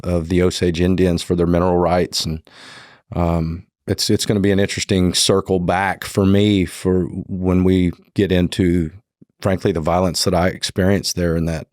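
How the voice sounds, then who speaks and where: Deep-voiced man with a country accent. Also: little pitch movement, normal speed, darkish tone, no echo, clean studio sound. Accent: Southern US country. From Oklahoma. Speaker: podcast guest. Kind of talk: casual conversational storytelling.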